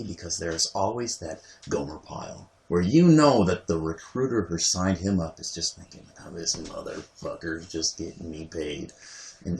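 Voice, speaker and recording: A man's voice: deep voice, darkish tone. A man co-hosting a casual podcast, speaking hesitantly and repeating words as he thinks aloud. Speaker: guest co-host.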